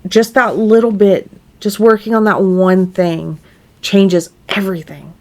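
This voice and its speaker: A woman's voice: mid-range voice, fairly even intonation, unhurried. A woman co-hosting a casual podcast at her microphone, talking earnestly and rambling with many fillers. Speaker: podcast co-host.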